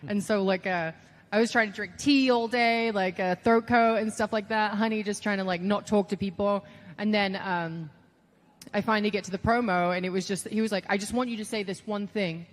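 A woman's voice: mid-range voice, fairly quick. Chatty woman telling stories, roomy reverb. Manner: chatty, lots of "like", animated quoting of others. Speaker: guest. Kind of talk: casual interview storytelling.

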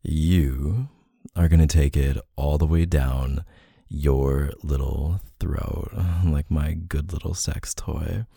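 A man performing an intimate adult audio role-play in a dominant, teasing way, with soft moans and whispered asides. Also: very deep voice, steady tone, takes it slowly, creaky, breathy edge, no echo, clean studio sound.

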